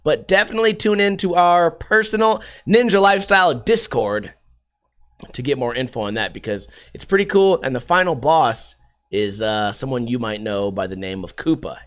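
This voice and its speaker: A man's voice: medium pitch, normal speed, fairly bright tone. A man hosting a podcast, rambling through a casual, sarcastic and profane monologue. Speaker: podcast host.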